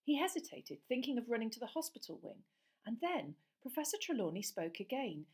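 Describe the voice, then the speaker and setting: A woman narrating an audiobook in a measured, expressive storytelling voice. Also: fairly high pitch, husky. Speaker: audiobook reader.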